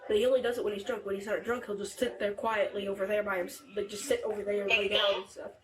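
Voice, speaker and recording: A teenage girl inside her family home telling a deputy what happened, halting and rambling with many fillers and restarts, picked up by an officer's body camera. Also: medium pitch, little pitch movement, music in the background, low-quality recording. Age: teens. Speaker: family member reporting to deputy. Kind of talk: recounting events to police.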